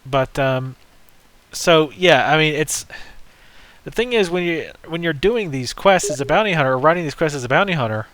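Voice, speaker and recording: Bright-voiced chatty gaming host. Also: male voice, fairly high pitch, moderate pace, no echo. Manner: chatty, joking, rambling. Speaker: let's play host. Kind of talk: casual gameplay commentary.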